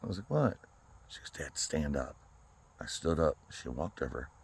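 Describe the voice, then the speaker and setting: A man with an extremely low, deep voice speaks in a personal vlog monologue. He talks earnestly and haltingly, stumbling over repeated words as he goes. He is recorded outdoors. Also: big pitch swings, creaky, husky. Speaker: vlogger. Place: outdoors by a flagpole.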